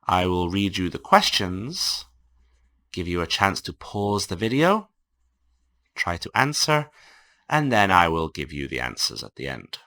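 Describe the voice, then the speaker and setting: A man teaching English in an online lecture, reading example sentences slowly and carefully for learners. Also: low-pitched, very animated, sharp tone. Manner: slow, carefully enunciated classroom reading.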